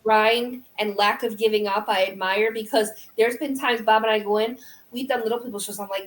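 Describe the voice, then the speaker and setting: A woman hosting a podcast, chatting casually and telling stories with lively mimicry of other people. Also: mid-range voice, fairly quick. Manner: animated storyteller, mimics others. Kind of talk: casual chat.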